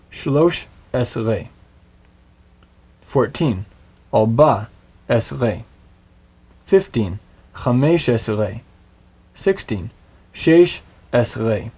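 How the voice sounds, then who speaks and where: A man teaching a video language lesson, slowly and patiently drilling words for the viewer to repeat. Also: medium pitch, mellow. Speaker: Hebrew teacher.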